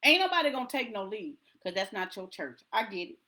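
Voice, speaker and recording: A woman's voice: mid-range voice, very animated, a little fast, bright, forceful tone. A woman preaching to a congregation in an emphatic, repetitive rallying cadence.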